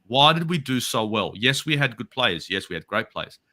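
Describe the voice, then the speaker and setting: A man's voice: mid-range voice, big pitch swings, normal speed, bright, forceful tone. An Australian man, a football fan guest in a casual interview, ranting heatedly and swearing a lot.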